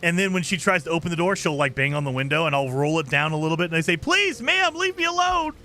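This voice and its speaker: A man's voice: on the high side, steady tone, racing, bright, forceful tone, soft background music. A man streaming a game, chatting casually with viewers in a joking, teasing way and laughing often. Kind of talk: casual live commentary while playing.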